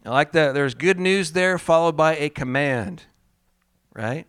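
A man preaching a sermon in a fairly high voice, recorded close and dry with no room sound. He calls for the congregation to repeat after him and breaks into laughter. His delivery turns animated whenever he tells a story. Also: a little slow, clean tone, no room sound. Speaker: pastor.

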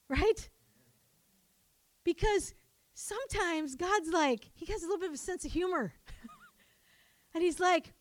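A woman preaching a sermon, animated and calling on her congregation to answer back. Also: high-pitched, normal speed, no room sound. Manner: animated, calls for congregation responses. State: coughing, choked up.

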